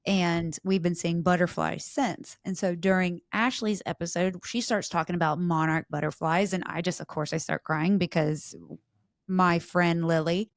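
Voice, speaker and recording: A woman hosts a relaxed interview, talking in a lower register and bursting into high, playful quoted voices. She laughs often. The sound is dry and close, with no room around her. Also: moderate pace, dry recording. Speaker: podcast host. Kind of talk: casual conversational interview.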